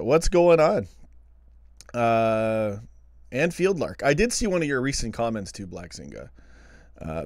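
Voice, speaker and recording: A man's voice: medium pitch, dry recording. A man hosting a live call-in fan show, chatting casually and laughing often at his desk at home. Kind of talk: casual late-night live stream chat.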